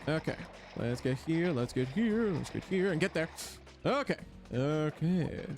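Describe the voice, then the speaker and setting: Lively, animated young-sounding gaming streamer guy. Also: a little high, a little slow, faint music behind. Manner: excitable, exaggerated exasperation. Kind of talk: let's play commentary.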